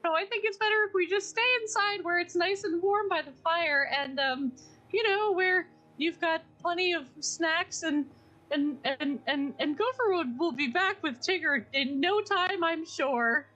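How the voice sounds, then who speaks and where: A woman's voice: extremely high pitch, measured pace, pushed and bright, pitched above the performer's own voice, exaggerated voice. A woman voicing a nervous little pig who stammers and frets. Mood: timid. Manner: stammering, flustered. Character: timid nervous little pig, anxious and fretful.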